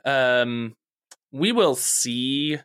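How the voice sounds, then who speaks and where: A man's voice: mid-range voice, expressive, extremely slow, a bit bright, clear, resonant tone, no room sound. A man co-hosting a casual podcast over a remote call, joking and teasing himself. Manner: playful, self-mocking humor. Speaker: podcast co-host. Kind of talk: casual chat.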